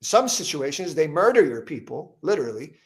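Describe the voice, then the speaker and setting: Guy hosting an interview, high voice, keeps restarting and gets louder as he goes. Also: very animated, a little fast. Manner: emphatic, repetitive restarts, voice rising as he gets worked up. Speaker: podcast host interviewing a politician. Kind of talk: heated conversational interview.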